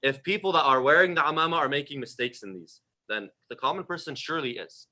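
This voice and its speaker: A man's voice: on the high side, expressive, quick pace, bright, forceful tone. A man giving a livestreamed religious talk in a conversational, emphatic way, asking the audience questions, repeating phrases and letting his voice trail off at the end of phrases. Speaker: religious lecturer.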